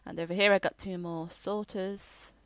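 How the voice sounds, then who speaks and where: A woman rambling through a casual game voiceover, halting and restarting as she tours her builds. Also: fairly low pitch, fairly even intonation, a bit bright, no echo. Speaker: gamer giving a tour.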